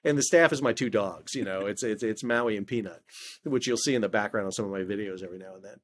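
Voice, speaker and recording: A man's voice: on the low side, fast. Chatty middle-aged man telling stories. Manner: animated storyteller, frequent stammered restarts. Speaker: podcast guest, maritime historian. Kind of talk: casual conversational interview.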